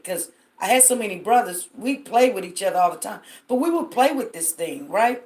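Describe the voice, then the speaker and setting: A woman chatting casually to her viewers on a live phone stream. She tells stories and fills her sentences with asides. She speaks at a middle pitch and directly addresses her audience. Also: lively intonation, moderate pace, a little mellow.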